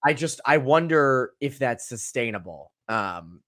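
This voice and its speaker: A man's voice: medium pitch, animated, unhurried, a bit bright, no room sound, clean studio sound. A young man co-hosting a casual sports podcast, chatty and jokey, with loose fillers. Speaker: podcast co-host.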